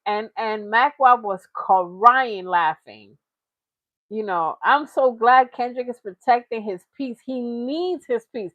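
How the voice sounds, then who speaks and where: This reaction-channel host speaks in a high, animated voice at a moderate pace, recorded dry. Her commentary is loose and chatty, punctuated by frequent laughter and the occasional mocking impression.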